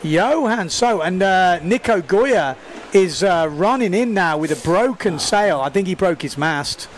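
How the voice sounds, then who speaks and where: A man doing live sports commentary, excitable and talking fast over the action, recorded outdoors at a beach event. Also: high voice, slight background noise. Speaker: windsurfing commentator.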